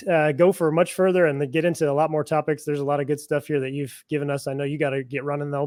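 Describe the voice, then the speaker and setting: A man's voice: on the high side, no room sound, clean studio sound. A man hosting a podcast interview, talking eagerly and restarting his phrases as he goes. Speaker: podcast host. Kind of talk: interview host chat.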